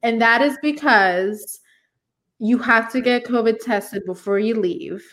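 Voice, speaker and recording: A woman's voice: fairly high pitch, unhurried, fairly bright tone. Chatty, laughing woman with a raised voice. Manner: chatty, laughs easily, teasing. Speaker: co-host of a livestream. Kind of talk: casual chat.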